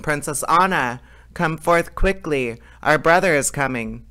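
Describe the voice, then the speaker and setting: A man voicing a raven turned into a brave youth, speaking briskly. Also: a little high, lively intonation, pushed and bright.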